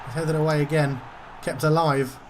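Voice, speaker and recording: A man's voice: a little high, steady tone, normal speed, slight background noise. A man commentating his own football video game session, getting frustrated and swearing at the game. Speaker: gaming YouTuber.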